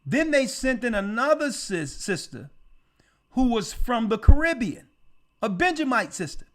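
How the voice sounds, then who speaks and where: A man speaking as a church elder tells a testimony in an animated, conversational way, repeating words for emphasis. His voice is extremely high-pitched, and he takes his time.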